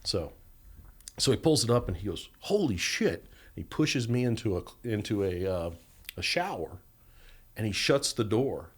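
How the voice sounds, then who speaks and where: A man's voice: on the low side, normal speed, breathy edge. A middle-aged man, a podcast guest, telling stories animatedly and acting out the voices of people he quotes. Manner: animated storyteller, acts out quoted voices, laughs often. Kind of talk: storytelling interview.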